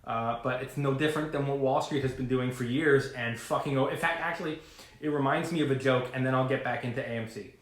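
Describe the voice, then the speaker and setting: A man vlogging to camera about trading, talking in a rambling, animated way full of fillers and asides. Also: medium pitch, a little fast, roomy sound. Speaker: finance vlogger. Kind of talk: casual talking-to-camera rant.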